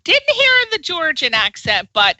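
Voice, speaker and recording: A woman hosting a radio interview show, animated and gushing, teasing her guest and laughing often. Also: high voice, unhurried, no room sound, low-quality recording.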